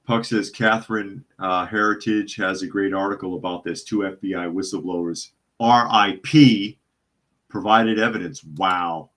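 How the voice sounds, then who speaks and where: Deep-voiced man doing sardonic news talk. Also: fairly even intonation, moderate pace, hardly any pauses, pushed and bright. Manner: sardonic, reads news and chat comments aloud. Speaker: podcast host. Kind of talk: live news commentary podcast reading chat.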